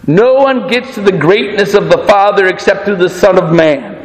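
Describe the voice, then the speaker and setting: A male pastor preaching a sermon, dwelling on words with slow, emphatic pauses. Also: high voice. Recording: echoey hall reverb.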